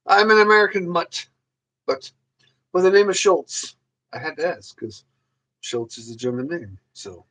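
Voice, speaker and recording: Rambling high-voiced man hosting a livestream. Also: moderate pace, noisy background. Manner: rambling, crude and joking. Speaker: livestream host. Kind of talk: casual livestream chat answering viewers.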